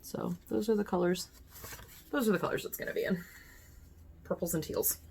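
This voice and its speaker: A woman's voice: on the low side, steady tone, moderate pace, creaky, darkish tone, a little hiss or hum. A woman, chatting casually to her phone camera while showing cross-stitch projects, often correcting herself. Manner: chatty, self-correcting, talks to herself while handling items. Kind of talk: casual show-and-tell chat.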